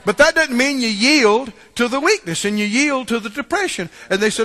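A man preaching a sermon to his church, swinging between shouted exhortation and low, quiet asides, often asking the congregation "right?". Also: animated, fairly quick, hardly any pauses, big-room sound. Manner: call-and-response asides like "Right?" and "Huh?". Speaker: pastor.

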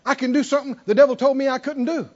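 Preaching very fast with a steady tone, this high-pitched man moves from hushed, almost whispered stories up into loud, emphatic exhortation. The congregation echoes his lines in call-and-response, captured on a muffled recording.

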